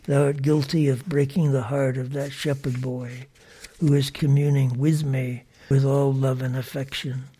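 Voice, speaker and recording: Man voicing God in a spoken parable, solemn, flat, husky. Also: mid-range voice, measured pace. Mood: grave. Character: grave, calm divine voice.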